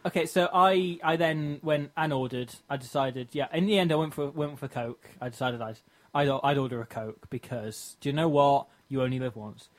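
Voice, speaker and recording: A young man co-hosting a podcast, telling a funny story in animated fashion and laughing often. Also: mid-range voice, moderate pace. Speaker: podcast co-host. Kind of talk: casual storytelling chat.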